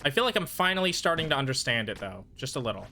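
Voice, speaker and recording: In this casual gaming stream commentary, a man's mid-range voice moves fast in a sing-song, bright, forceful way over soft background music. Frustrated, he mutters to himself to calm down between outbursts.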